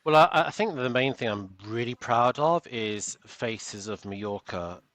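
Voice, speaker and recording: A man's voice: mid-range voice, animated, unhurried, a bit bright, dry recording. A British man, a coach and author, talking earnestly as a podcast guest and often repeating words as he goes. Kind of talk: podcast interview.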